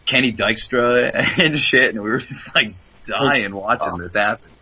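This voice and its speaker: A man's voice: medium pitch, a little slow, bright, forceful tone, slight background noise, rough recording. A man in his twenties, a wrestler guest, chatting in a laid-back way and laughing often. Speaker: interview guest, pro wrestler. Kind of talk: casual chat.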